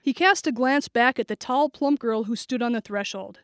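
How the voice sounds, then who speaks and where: Female thriller narrator, steady and vivid, bright-leaning voice, dead-dry booth. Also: on the high side, normal speed, clean tone, no room sound. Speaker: audiobook narrator.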